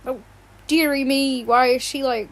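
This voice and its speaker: High-pitched woman streamer, rambling and giggly, home room with a loud fan behind. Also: steady tone, a little slow, vocal fry. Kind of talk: casual livestream chat while drawing. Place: home bedroom. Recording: fan noise in background. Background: fan hum.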